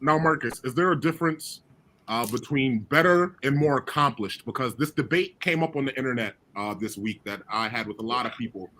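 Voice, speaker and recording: A man co-hosting a radio show, calmly raising questions in casual sports talk. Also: mid-range voice, a little fast, a little hiss or hum.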